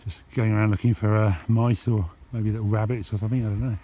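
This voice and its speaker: A man talking casually to his camera while hiking over hills outdoors, relaxed and chatty, sometimes out of breath from the climb. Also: fairly low pitch, fast. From England. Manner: relaxed, chatty, thinking aloud with fillers. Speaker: hiking vlogger. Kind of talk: casual walking commentary to camera. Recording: dull lo-fi sound with music behind. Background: background music.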